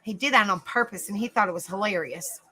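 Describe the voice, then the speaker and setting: A woman hosting a livestream, chatting to viewers and telling a rambling, animated story. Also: medium pitch, fast, low-quality recording. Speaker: livestream host. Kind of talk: casual live-chat storytelling.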